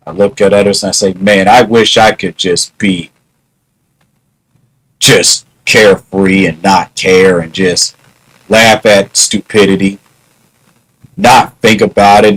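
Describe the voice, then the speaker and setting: A man's voice: on the low side, low-quality recording. A man musing in a casual vlog monologue, wry and half-joking. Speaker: vlogger.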